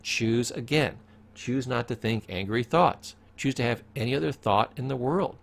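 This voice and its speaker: A man's voice: mid-range voice, moderate pace, creaky. A man teaching a recorded psychology course, who speaks emphatically, repeats his key points and asks the listener questions.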